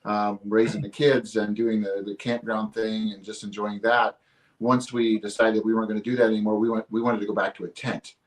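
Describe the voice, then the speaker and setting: A man's voice: on the low side, little pitch movement, brisk, low-quality recording. A middle-aged man from northern Indiana, a guest telling stories in an easygoing, rambling way. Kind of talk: casual interview chat.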